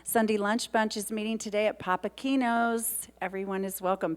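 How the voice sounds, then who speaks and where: A woman's voice: mid-range voice, fairly even intonation, normal speed, few pauses, clean tone. A woman reading the church announcements at a Sunday service, chatty and openly emotional, with a rambling way of talking. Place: church sanctuary.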